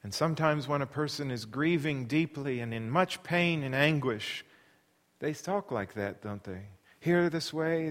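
An expressive male preacher delivering a sermon, with a fairly high voice for a man. He speaks directly to his listeners and often asks them questions. A long hall reverb trails behind his words. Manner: expressive, shifts into dramatic readings.

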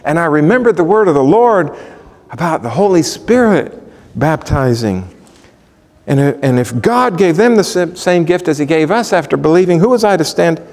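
A man's voice: fairly high pitch, animated, normal speed, a little mellow. A man teaching a Bible sermon, walking listeners through verses and asking the congregation rhetorical questions. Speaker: pastor. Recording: long hall reverb.

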